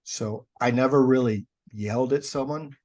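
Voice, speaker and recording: A man's voice: mid-range voice, normal speed, mellow. A middle-aged man, a guest on a podcast, casually telling sarcastic stories and acting out the dialogue. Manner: wry and sarcastic, acts out dialogue in his anecdotes. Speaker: guest, paranormal investigator and author. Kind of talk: casual storytelling.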